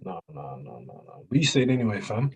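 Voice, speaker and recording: A young man co-hosting a casual podcast chat, slangy and quick to laugh, often repeating his words. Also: lowish voice, sing-song, gravelly, husky. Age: young adult. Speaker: podcast co-host.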